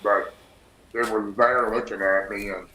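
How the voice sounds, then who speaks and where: A man tells a long story as a guest in a casual interview, rambling on and chaining his clauses with "and". His voice is fairly low, with a forceful, bright tone. The room echoes noticeably. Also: flat delivery, unhurried, a little hiss or hum. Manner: rambling, breathless story with many "and"s. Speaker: podcast guest. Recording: roomy echo.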